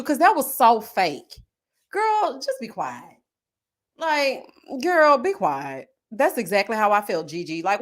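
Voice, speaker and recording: A woman hosting a casual live recap stream, reading viewer comments, sassy and quick to laugh, full of drawn-out "oh, honey" and "child" asides. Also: medium pitch. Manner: southern US slang such as finna, y'all, child. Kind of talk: casual reality-TV recap chat.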